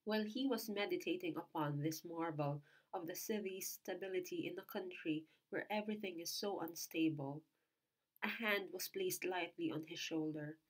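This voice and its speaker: A woman reading a classic novel aloud in a steady, clear narrating voice. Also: fairly low pitch, normal speed, rough recording. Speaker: audiobook reader.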